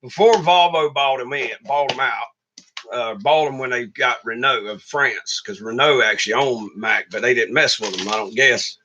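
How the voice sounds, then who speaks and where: A man's voice: medium pitch, moderate pace, pushed and bright, a little hiss or hum. A middle-aged man who hosts a channel and drives trucks, telling stories in a blunt, profane, complaining rant to his viewers. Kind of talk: casual livestream rant.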